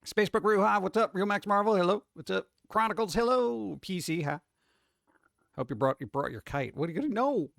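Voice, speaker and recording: A man's voice: high-pitched, expressive, brisk, vocal fry, fairly bright tone, dry recording, clean studio sound. A man streaming live, rambling casually and greeting chat viewers one by one.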